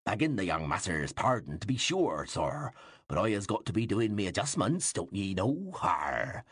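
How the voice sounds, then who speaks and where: A man's voice: a bass voice, very animated, drawn-out words, creaky, bright, forceful tone, no room sound, studio quality, voice pushed down, exaggerated voice. Man playing a hammy rustic yokel, growling. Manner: broad, exaggerated, growling "har". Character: servant hamming up a crude rustic yokel voice. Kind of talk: audiobook character voice.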